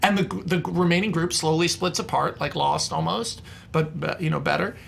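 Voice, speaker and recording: A man's voice: moderate pace, creaky, slight background noise. A man on a panel debate show, eagerly rambling through ideas and arguments. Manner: excited, rambling pitches, laughs a lot.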